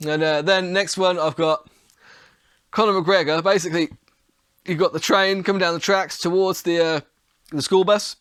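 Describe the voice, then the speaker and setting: A man hosting his own podcast, chatting bluntly and casually, his voice hoarse and worn from illness with the odd cough. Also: sits high, fairly even intonation, moderate pace, long pauses, fairly bright tone, dry recording, studio quality. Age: adult. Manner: chatty, blunt, swears mildly. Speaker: podcast host. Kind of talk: casual solo podcast talk.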